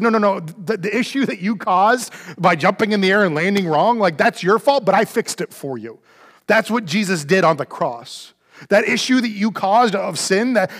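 Male pastor, high voice, earnest sermon, rises loud and drops to a hush. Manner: repeats phrases, small restarts.

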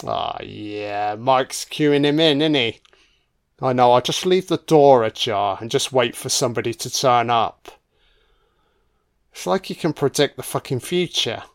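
A man's voice: mid-range voice, expressive, a little slow, vocal fry. A man giving casual, crude commentary on a horror film, sarcastic and swearing nonstop as he mocks the characters.

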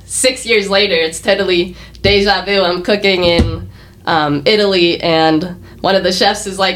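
A woman's voice: mid-range voice, moderate pace, a bit bright. A young woman, a chef and podcast guest, telling stories in a chatty way with lots of fillers and laughter. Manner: chatty storytelling, frequent "like" and laughter. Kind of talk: casual interview chat.

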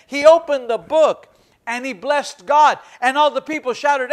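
High-voiced fervent male pastor. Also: unhurried. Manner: fervent, emphatic preaching with repetition. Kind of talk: sermon.

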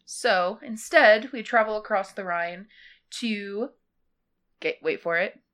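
A woman's voice: mid-range voice, slow pace, a bit bright. A woman co-hosting a podcast, presenting a haunted place in easygoing chat with light laughs. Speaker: podcast co-host presenting the destination. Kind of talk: casual chat.

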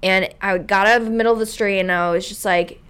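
A woman's voice: medium pitch, steady tone, fast talker, a bit bright, clean tone. A woman hosting a podcast, telling stories in casual chat and acting out other people's lines bluntly. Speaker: podcast host.

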